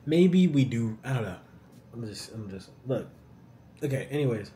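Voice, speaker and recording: A young man talks through a casual Q&A vlog. He is animated and slangy, and keeps throwing in "bro." His voice sits mid-range and sounds warm and mellow, with a faint hiss of background noise. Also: medium pitch, moderate pace. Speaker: YouTuber answering viewer questions.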